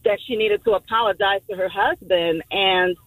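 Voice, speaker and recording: A woman calling in to a radio show, excited and rambling as she talks. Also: medium pitch, moderate pace, dry recording, low-quality recording. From Florida. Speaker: caller.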